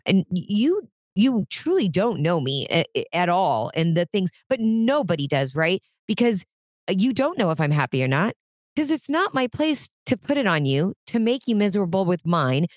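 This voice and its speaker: A woman's voice: medium pitch, very animated, moderate pace, no room sound. A woman co-hosting a casual podcast chat, talking earnestly and frankly. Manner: earnest and frank, many restarts. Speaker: podcast co-host.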